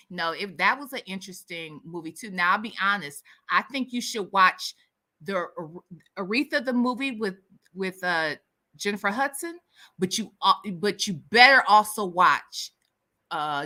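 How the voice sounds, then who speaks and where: A woman from the US Midwest with a light Southern accent, hosting a casual livestream chat with viewers in a sassy, animated way and laughing often. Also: fairly low pitch. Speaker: livestream host.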